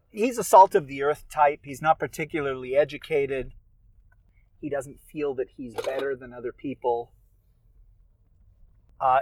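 A thoughtful man musing aloud in a relaxed monologue, circling his points and restarting the odd phrase. His voice sits at an ordinary middle pitch. The sound is dry and close, with no room echo. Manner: thoughtful, meandering, with small restarts. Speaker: audiobook narrator and author. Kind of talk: casual spoken monologue.

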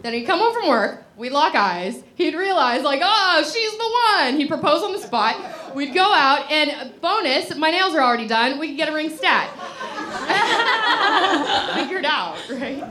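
A high-voiced woman tells a comic story to a live audience, bubbly and breathless. She keeps laughing between lines and acts out her own past thoughts. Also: very animated, unhurried, pushed and bright, a little hiss or hum. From Los Angeles. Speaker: comedic storyteller.

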